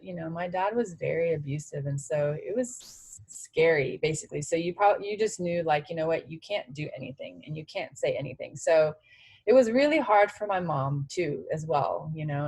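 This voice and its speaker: A woman's voice: deep voice, expressive, normal speed, a little mellow, slightly rough, no echo, rough recording. A woman in her forties, a former tennis player, speaking candidly in an interview, full of "you know" fillers.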